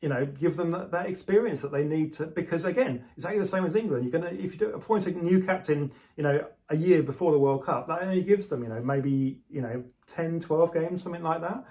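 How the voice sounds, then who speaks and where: A man's voice: a little high, a little fast, hardly any pauses, a little mellow. A man co-hosting a cricket podcast, talking casually with frequent stumbles and restarts. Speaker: podcast co-host.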